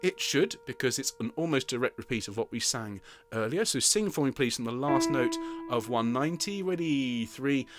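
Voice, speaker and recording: A choir director with an extremely low, expressive voice speaks at normal speed while leading an online rehearsal, patiently counting in and singing short alto phrases as demonstrations. Her coaching is patient and encouraging, with piano accompaniment in the background.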